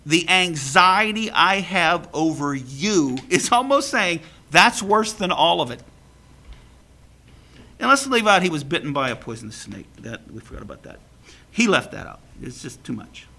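A man preaching a sermon in a lively way, acting out scripture quotes with chuckles. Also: a little high, moderate pace, creaky. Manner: animated, acts out biblical quotes with laughs. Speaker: pastor.

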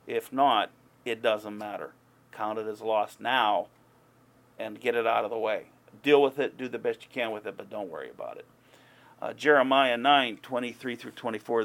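A man's voice: fairly low pitch, normal speed, creaky, fairly bright tone. A man preaching an informal sermon in a conversational way, growing heated and emphatic as he goes. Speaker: pastor.

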